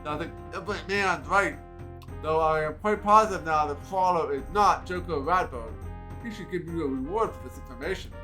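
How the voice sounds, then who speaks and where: A man's voice: fairly high pitch, moderate pace, bright, forceful tone, faint music behind. A man reading the long expository lines of a character in a role-playing game. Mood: intent. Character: male agent questioning an old informant.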